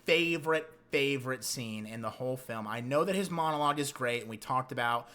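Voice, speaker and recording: A man giving a casual film review, retelling scenes in an excitable, profane and animated way. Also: medium pitch, fairly quick.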